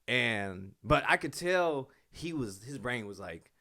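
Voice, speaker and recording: A man guesting on a comedy podcast talks in a slangy, emphatic way. He gets loud whenever he quotes himself, and his voice sits at an everyday middle pitch. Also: animated, slow pace. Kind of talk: casual comedy podcast chat.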